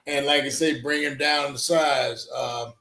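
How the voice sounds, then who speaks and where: Gravelly man in a roomy echo. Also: medium pitch, fairly even intonation, a little slow, pushed and bright. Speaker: podcast panelist. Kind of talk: casual sports podcast chat.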